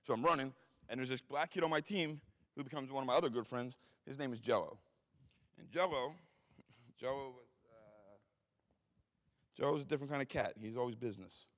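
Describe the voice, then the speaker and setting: A man in his forties with an East Coast accent, telling blunt, heavily profane stories as a guest speaker. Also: mid-range voice. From Philadelphia. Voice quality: blunt, heavily profane, rapid street talk. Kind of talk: storytelling talk. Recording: reverberant hall.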